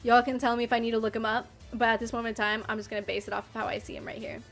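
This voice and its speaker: A streamer reading chat, this playful woman talks casually with her livestream audience in a slightly high voice that barely moves in pitch. She speaks very fast, swinging between mock outrage and easy laughter, with faint music behind her.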